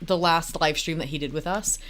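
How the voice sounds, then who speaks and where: A woman's voice: deep voice, fairly even intonation, a little fast, fairly bright tone. A woman co-hosting a live music reaction stream, chatting in an easygoing way and laughing often. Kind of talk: casual livestream chat.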